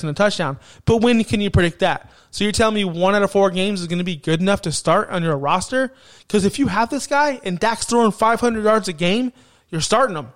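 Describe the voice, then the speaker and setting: A man hosting a podcast, ranting emphatically and swearing about fantasy football picks. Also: high voice. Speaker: podcast host.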